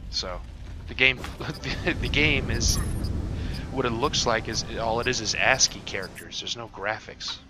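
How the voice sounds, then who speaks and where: A young man casually commentating over a game he is playing, rambling offhand with lots of fillers and casual swearing, hiccuping and clearing his throat now and then. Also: mid-range voice, fairly even intonation, unhurried, background noise. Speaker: gaming channel host.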